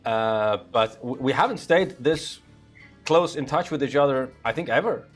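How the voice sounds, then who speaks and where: A man's voice: mid-range voice, lively intonation, normal speed. Male podcast host, casual, loose and giggly, restarts a lot; faint music bed. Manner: laughs often, restarts with fillers. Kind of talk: casual chat.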